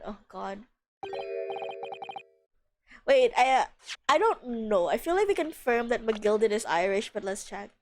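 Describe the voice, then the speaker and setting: A woman streamer chats about the game she's reading in a casual, blunt, swear-dropping way. Her voice sits high, with game music clearly behind it. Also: animated, unhurried, long pauses. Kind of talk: live game read-along with commentary.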